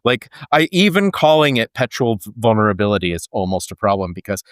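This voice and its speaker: A man's voice: on the low side, very animated, quick pace, no echo, studio quality. A man co-hosting a podcast, talking in earnest and thinking aloud with frequent restarts. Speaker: podcast co-host. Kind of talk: casual conversational podcast.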